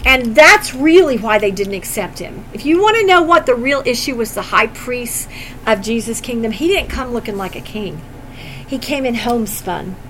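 A woman teaching through scripture with a high, bright voice, swinging from quiet explanation to emphatic remarks. She talks casually and digresses with pointed asides. A faint hum of room ambience sits underneath. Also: moderate pace, poor audio. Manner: animated, conversational, opinionated asides. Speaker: Bible teacher. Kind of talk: Bible study teaching.

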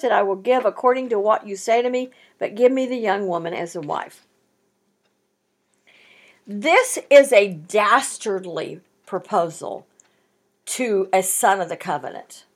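A woman with a high voice leads a Bible study lesson. She reads scripture aloud and stops often to comment on it with strong emphasis.

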